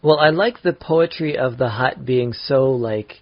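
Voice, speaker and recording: A man's voice: medium pitch, unhurried, no echo. Man, casual podcast talk, restarts a lot, dry close sound, lo-fi. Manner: chatty, restarts and trails off. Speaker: podcast co-host. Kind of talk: casual chat. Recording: dry, dull lo-fi podcast audio.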